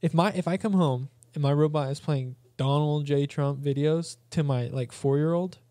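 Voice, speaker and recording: A man's voice: a little high, moderate pace, warm tone, no echo, clean studio sound. A man co-hosting a podcast in casual chat, rambling and joking with frequent laughs. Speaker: podcast co-host.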